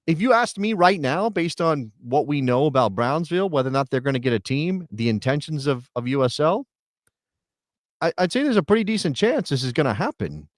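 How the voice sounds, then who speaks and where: A middle-aged man co-hosting a soccer talk show, chatting casually and thinking out loud with rhetorical questions. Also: on the high side, very animated, a little fast, dry recording, clean studio sound. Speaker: soccer podcast co-host. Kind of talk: casual chat.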